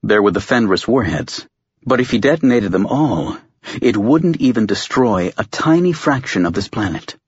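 A man reads a science fiction audiobook with steady, measured narration. His voice sits low and a little husky, and the recording sounds dry and close but dull and lo-fi. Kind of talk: scripted narration.

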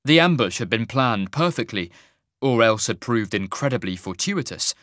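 A man narrates a fantasy audiobook in a measured, even storytelling manner. His voice sits in the mid-range, and the dry recording has a clean studio sound.

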